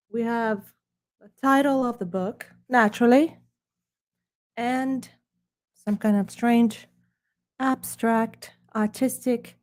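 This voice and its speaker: A woman putting on a shabby snooty British accent to play a pompous, sophisticated presenter of art, speaking slowly and formally with her lower face drooped. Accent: put-on British accent. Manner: pompous, mock-formal and hushed.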